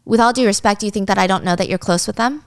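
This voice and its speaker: A woman's voice: medium pitch, very fast, clear, resonant tone, no echo, studio quality, natural voice. A woman doing an insistent young cop. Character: earnest young male police officer, insistent.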